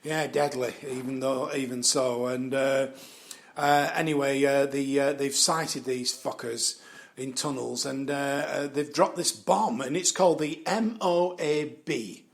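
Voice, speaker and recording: A man with a gravelly, creaky voice, pitched a little above the usual male range, riffing through a casual commentary. He swears without pause, laughs at his own asides and loses his thread in a string of ums. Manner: swears freely, chuckles, trails off with fillers. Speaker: vlogger.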